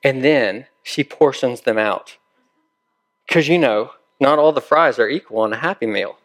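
A man's voice: mid-range voice, a little slow. A male pastor preaching a sermon in a conversational way, often putting questions to his listeners.

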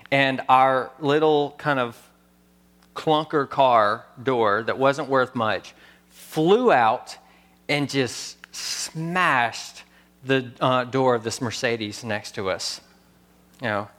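A man in his thirties preaching a sermon, earnest and storytelling, pausing before key words. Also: mid-range voice, fairly bright tone. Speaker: pastor.

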